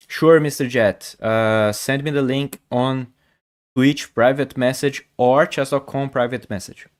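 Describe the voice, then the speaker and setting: A man, a Portuguese speaker, chatting casually with viewers on a chess stream, often stammering and repeating words. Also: medium pitch. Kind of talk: casual livestream chat.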